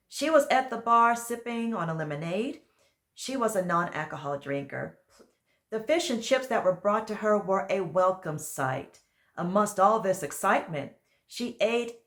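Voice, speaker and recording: Female author-narrator, earnest and measured, medium pitch. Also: a bit bright. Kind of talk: book reading narration.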